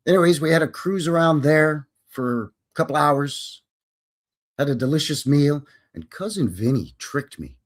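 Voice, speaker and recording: A man's voice: fairly high pitch, expressive, moderate pace. A man hosting a casual livestream, jokey and upbeat as he greets viewers by name. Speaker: host.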